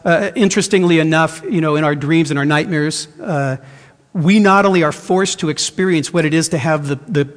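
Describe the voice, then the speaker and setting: A man preaching as pastor, his fairly high voice carrying an earnest, searching tone. He tells a personal story, often restarting his sentences. The sound rings with the long reverb of a church hall. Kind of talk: sermon.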